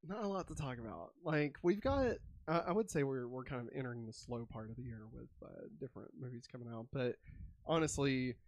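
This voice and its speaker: A man co-hosting a casual movie-news podcast, joking and laughing often between quick asides. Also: mid-range voice, dry recording. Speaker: podcast co-host. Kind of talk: casual chat.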